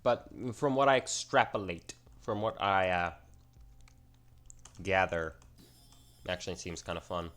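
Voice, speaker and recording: A man's voice: deep voice, animated, a little slow, pauses often, fairly bright tone. A man giving casual, rambling commentary over his own gameplay, self-mocking and slangy as he plays. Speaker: gaming channel host.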